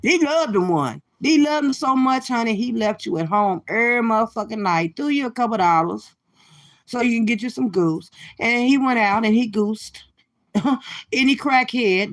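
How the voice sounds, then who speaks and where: Woman going off on a stream, trash talking, cussing, sassy, everyday pitch. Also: moderate pace. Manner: profane, sassy trash talk addressing viewers. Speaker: livestream host. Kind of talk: casual reaction livestream rant.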